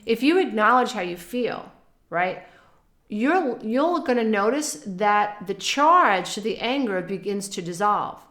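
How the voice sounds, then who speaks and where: A woman's voice: mid-range voice, expressive, unhurried, fairly bright tone, roomy sound. A woman talking casually to camera about emotions and healing, soothing and repetitive, often speaking in affirmations. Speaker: spiritual wellness teacher. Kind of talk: casual advice monologue to camera.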